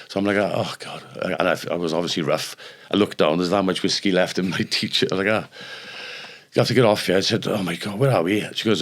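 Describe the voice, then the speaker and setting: An older Welsh man and former rugby player, telling lively stories on a podcast and acting out the people in them. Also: low-pitched, fairly quick. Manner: animated anecdotes, acts out the people in his stories. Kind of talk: casual storytelling.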